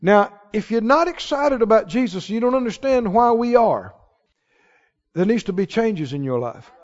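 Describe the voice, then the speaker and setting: High-voiced preacher in an echoing church. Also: male voice, animated, normal speed. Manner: preaching with rising, emphatic declarations. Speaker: pastor. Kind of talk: sermon. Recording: dull sound with long hall reverb.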